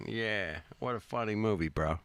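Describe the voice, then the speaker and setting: Gravelly low-voiced man, laid-back host. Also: normal speed, fairly bright tone, dry recording. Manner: laid-back, slangy, talks back to the clips. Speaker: stream host reacting to clips. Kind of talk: casual reaction commentary.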